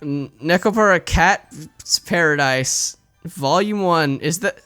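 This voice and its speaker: A reader narrates a visual novel in the protagonist's voice, fondly scolding, then chats excitably about it and keeps correcting themselves. The voice is clear and smooth at a middle pitch. Faint game music plays behind. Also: takes it slowly. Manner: excitable between lines, self-correcting.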